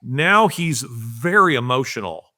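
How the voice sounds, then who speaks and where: Speaking a little slowly, a middle-aged man with an animated, sharp-toned mid-range voice tells stories as a guest commentator on a casual podcast. He's earnest and emphatic, acting out quotes to underline his points.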